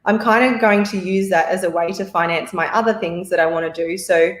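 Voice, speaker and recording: A woman's voice: lowish voice, fairly even intonation, fairly quick, roomy sound. An Australian woman chatting as a podcast guest, rambling and laughing often. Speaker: podcast guest, marketer and actor. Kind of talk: casual interview chat.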